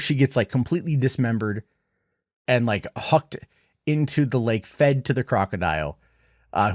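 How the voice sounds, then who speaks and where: A man's voice: medium pitch, dry recording, clean studio sound. Rambling, chatty male film reviewer. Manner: rambling, animated retelling with many "like"s. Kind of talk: casual spoken film review.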